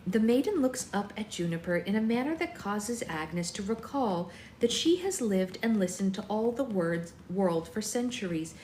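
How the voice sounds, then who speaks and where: A woman's voice: mid-range voice, expressive, normal speed, hardly any pauses, a little mellow, a little hiss or hum. A woman hosting a book club, reading a novel aloud steadily with chatty asides. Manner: reads steadily, voicing characters, chatty asides. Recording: roomy room echo.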